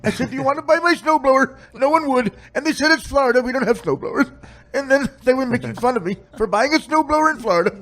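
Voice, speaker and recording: A man voicing a rambling, drugged-out, grieving older grandmother from Florida with a rough, drawling Southern US accent that slips into bad grammar. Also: very high-pitched, fast, fairly bright tone, pitched above the performer's own voice. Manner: repetitive, rambling.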